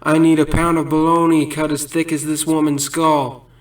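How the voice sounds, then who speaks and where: A man with a fairly high voice rattles off corny stand-up jokes as rambling little stories, breaking into laughter at his own punchlines. He sounds far from the mic, in a roomy, echoey space. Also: flat delivery, normal speed. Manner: rambling absurd storytelling. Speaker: comedian. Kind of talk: stand-up joke telling.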